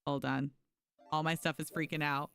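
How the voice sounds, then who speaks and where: Speaking at a moderate pace in a deep, creaky yet smooth voice, a young woman chats casually with viewers while streaming a game. She's animated, reads chat aloud, and thanks her audience. Soft music plays in the background.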